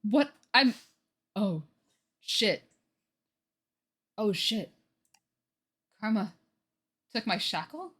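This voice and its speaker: A woman streamer commenting casually on a game, excitable, emotional and swearing freely. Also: mid-range voice, drawn-out words, long pauses, breathy edge. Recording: game music playing loudly behind. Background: game music.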